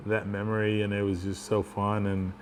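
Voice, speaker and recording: A man's voice: on the low side, completely flat delivery, moderate pace, a little hiss or hum. A man telling a personal story in a casual, rambling way, chuckling as he goes. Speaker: vlogger.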